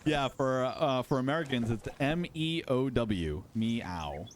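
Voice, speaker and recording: A man's voice: medium pitch, animated, measured pace, a little hiss or hum. A man hosting a live stream, giving casual, playful commentary while playing and talking to his chat. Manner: chatty, playful, talks to chat.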